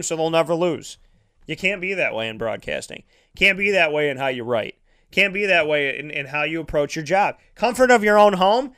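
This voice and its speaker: A man's voice: a little high, bright, forceful tone, smooth. A man broadcasting a live sports talk show, ranting with heated sarcasm and lots of repetition.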